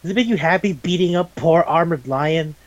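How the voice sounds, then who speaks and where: A man putting on a shrill indignant villain leader. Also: normal speed, no room sound, lo-fi sound, lightly acted.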